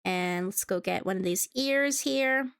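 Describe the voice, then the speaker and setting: A woman's voice: mid-range voice, measured pace, vocal fry, a bit bright, clean tone. A woman streamer chatting casually to her viewers while she draws, laughing often and humming along to music. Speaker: VTuber streamer. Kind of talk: casual live-stream chat while drawing.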